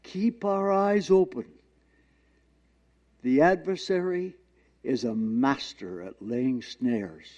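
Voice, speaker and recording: Man, sermon, earnest halting delivery, mellow tone, muffled old recording. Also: medium pitch. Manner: earnest, halting preaching with slow drawn-out scripture reading. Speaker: preacher. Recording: dull lo-fi recording.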